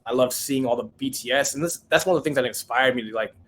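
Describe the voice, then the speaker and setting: Animated man telling a story. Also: medium pitch, fast, slight background noise. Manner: animated storyteller, acts out quoted voices. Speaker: chef guest. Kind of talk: casual storytelling interview.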